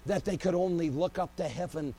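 Husky, impassioned preacher man. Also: on the high side, a little fast. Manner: impassioned, swings from shouting to hushed. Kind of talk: sermon.

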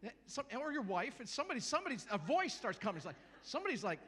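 A middle-aged man preaching a sermon to a church congregation, lively and joking, acting out little voices and calling out to the crowd. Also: extremely high pitch, rapid-fire. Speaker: guest preacher.

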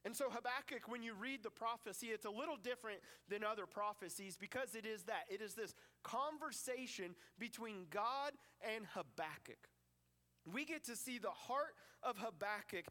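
Preacher, male, high and bright, lively storyteller, long hall reverb. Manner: lively storytelling with playful asides. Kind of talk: sermon.

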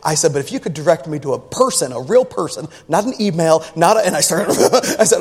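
Animated preacher man in a big hall. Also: brisk, slightly rough. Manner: animated storytelling, laughs often, swings from low grumbling to loud shouts. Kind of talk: sermon story. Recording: reverberant hall.

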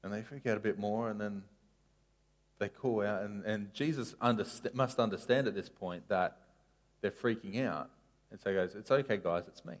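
A man preaching a casual sermon, telling a story with sharp rises and drops in his voice. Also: fairly low pitch, moderate pace. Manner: animated storytelling, voice rising and falling sharply.

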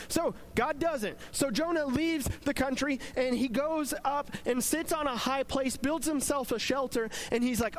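High-voiced man giving a casual devotional. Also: lively intonation, moderate pace, few pauses. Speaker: preacher.

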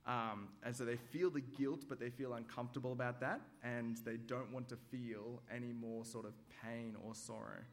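A man preaching a sermon at a church service, measured and hesitant with frequent ums, acting out everyday examples. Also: medium pitch, flat delivery. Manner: demonstrative, acts out examples.

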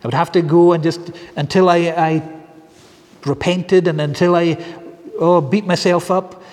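A man's voice: on the high side, fairly even intonation, measured pace, a little mellow. Earnest preacher, man, echoing church. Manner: earnest, repetitive, building phrases. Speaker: pastor. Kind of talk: sermon.

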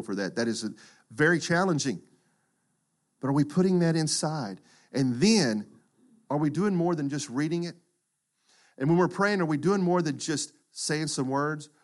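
A middle-aged man preaching a sermon, acting out quotes and swinging from loud to hushed. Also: mid-range voice, normal speed. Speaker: pastor.

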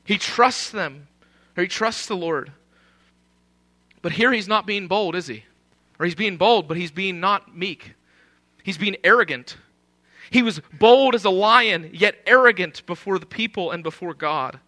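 A man's voice: high voice, a little slow, pushed and bright. A man preaching a sermon in an emphatic, conversational way, often posing rhetorical questions.

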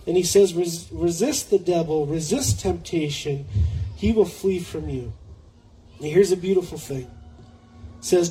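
A man preaching a sermon in an earnest way, slowing down to read scripture aloud and often restarting words. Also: high-pitched, animated, warm tone, slight background noise, low-quality recording.

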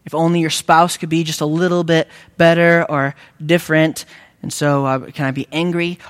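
A man preaching a sermon in a fairly high voice. He talks earnestly, climbs into dramatic peaks and slows down for emphatic repeated phrases. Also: fairly bright tone. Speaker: pastor.

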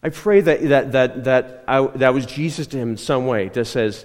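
A man's voice: mid-range voice, normal speed, darkish tone. A man delivers a casual, story-driven sermon, circling back on his words and checking in with the congregation. His voice sits in a middle register. It rings out with the long reverb of a church hall. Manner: storytelling, repeats himself, often checks with "right?". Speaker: pastor. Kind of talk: conversational sermon.

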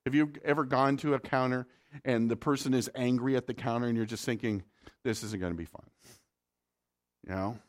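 A man's voice: mid-range voice, fairly even intonation, brisk. A male pastor preaching a sermon in a conversational way, often asking the congregation rhetorical questions.

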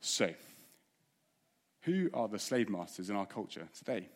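A man's voice: fairly low pitch, sing-song, a little slow. A man preaching a sermon in an earnest way, asking the congregation rhetorical questions.

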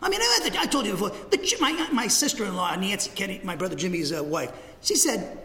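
A man preaching a sermon, animated, swinging between raised, shouting passages and hushed asides. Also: sits high, brisk, creaky. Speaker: pastor. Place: church sanctuary. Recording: reverberant church sanctuary.

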